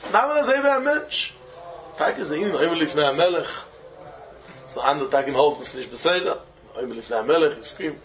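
A man teaching a Talmud passage and telling a story in an animated way, slipping Hebrew and terms into his English. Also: fairly high pitch, fairly quick, a little hiss or hum. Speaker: Torah teacher. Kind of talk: Talmudic discourse with a told story.

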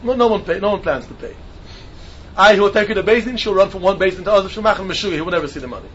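A man with a high, sharp, bright voice gives a Talmud lesson in English. He keeps asking himself questions, answers them, and goes over each point again. The recording is dull and lo-fi. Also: very fast, slight background noise. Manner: asks and answers his own questions, repeats points. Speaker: Talmud teacher. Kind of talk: lecture on Talmudic texts.

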